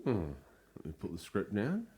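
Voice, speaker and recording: A man's voice: on the low side, huge pitch swings, normal speed, mellow. A man co-hosting a casual gaming podcast, teasing his co-host and slipping into hammy voice impressions. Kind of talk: jokey casual podcast chat.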